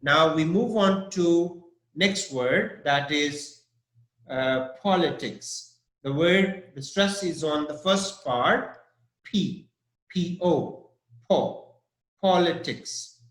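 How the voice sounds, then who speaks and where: Slow, patient man teaching vocabulary. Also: on the high side, fairly bright tone, echoey room. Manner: slow, patient, spells words out letter by letter. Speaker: English teacher. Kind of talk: online vocabulary lesson.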